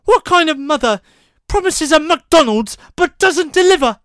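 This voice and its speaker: A man putting on an exaggerated upper-class English accent to mock a posh, whiny British boy character, his voice jumping much higher and louder than his normal talk. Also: animated, a little slow, no echo, clean studio sound, full character voice. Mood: mocking, prissy. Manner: exaggerated plummy British affectation.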